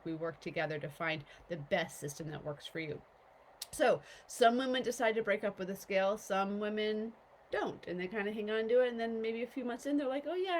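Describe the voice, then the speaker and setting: A woman's voice: mid-range voice, slight background noise, poor audio. A woman coach giving a casual motivational talk to viewers, often stopping to ask "okay?" and "right?".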